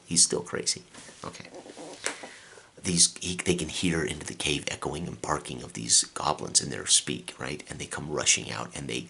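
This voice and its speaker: A man with a very deep, gravelly voice, recapping a tabletop game session as game master in a rambling way, with many fillers and restarts. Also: sharp tone.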